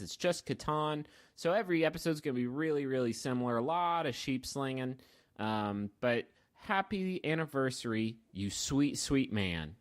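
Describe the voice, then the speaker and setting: A man's voice: a little high, a bit bright. A man hosting a tabletop game podcast, reading ads with playful, joking asides. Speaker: dungeon master and podcast host. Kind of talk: casual podcast talk and ad reads.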